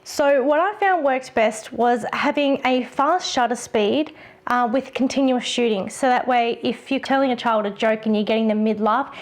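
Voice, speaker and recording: Chatty, fairly high-voiced woman vlogger. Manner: chatty, with many ums and restarts. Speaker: photography vlogger. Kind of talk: casual tutorial talk.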